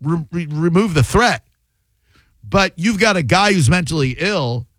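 A man's voice: on the high side, lively intonation, unhurried, a bit bright, no room sound. A man hosting a call-in radio talk show, blunt and opinionated, sometimes repeating words when he gets heated. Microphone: studio microphone.

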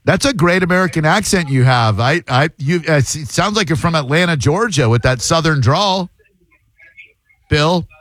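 A man's voice: fairly high pitch, lively intonation, moderate pace, fairly bright tone, no room sound. A man hosting a podcast, chatting casually with a sarcastic, teasing manner. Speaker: podcast host. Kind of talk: casual chat.

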